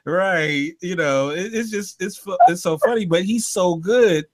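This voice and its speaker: A man's voice: sits high, measured pace. A man hosting a casual panel podcast, talking animatedly with frequent laughs and fillers. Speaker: podcast host.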